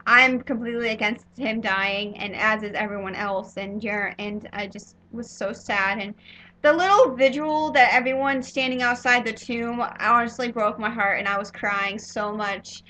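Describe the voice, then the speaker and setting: Bright-voiced young woman rambling about TV. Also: on the high side, steady tone, normal speed, slight background noise, poor audio. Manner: rambling, gushing, lots of filler "like"s and restarts. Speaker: TV episode reviewer. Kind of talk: casual spoiler review monologue.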